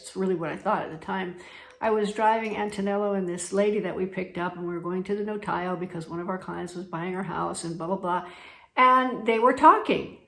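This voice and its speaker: Gal from the us chatting on her vlog, laughs a lot while she tells stories, echoey room. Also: mid-range voice. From United States. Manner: chatty storyteller, laughs between sentences. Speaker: travel vlogger. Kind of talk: casual chat.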